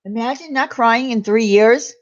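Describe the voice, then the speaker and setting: A woman's voice: a little high, normal speed. Candid woman chatting live, lo-fi. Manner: candid, confiding, reads out viewer names. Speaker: live stream host. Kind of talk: casual live chat with viewers.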